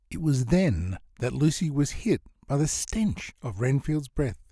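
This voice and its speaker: A man narrating a comic novel in a lively storytelling manner. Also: medium pitch, measured pace, few pauses, slightly rough, no room sound, clean studio sound. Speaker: audiobook narrator. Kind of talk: scripted narration.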